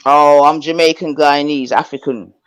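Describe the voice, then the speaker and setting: A man's voice: on the high side, fairly even intonation, moderate pace, a bit bright, clear, resonant tone, no room sound. A man, hosting a livestream and chatting in a casual, joking way with slang. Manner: laid-back, joking, slangy. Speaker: livestream host.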